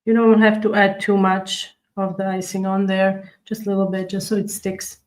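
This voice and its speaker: A woman's voice: mid-range voice, completely flat delivery, normal speed, rough recording. Chatty woman hosting a live cookie tutorial. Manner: chatty, demonstrates step by step while reading viewer comments. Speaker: cookie decorating livestream host.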